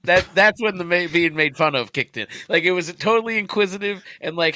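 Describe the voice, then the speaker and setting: A man co-hosting a podcast who drops wry, teasing remarks. His voice is high and bright, and the mic picks it up dry and close. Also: a little fast, hardly any pauses, clean tone, no echo. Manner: wry, teasing, laughs along. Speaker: podcast co-host. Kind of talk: casual chat.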